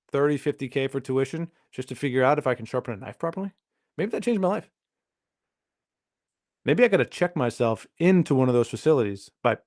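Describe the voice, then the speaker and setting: A man's voice: mid-range voice, darkish tone. A man hosting his own podcast, rambling through a jokey solo monologue and questioning himself as he goes. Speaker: podcast host.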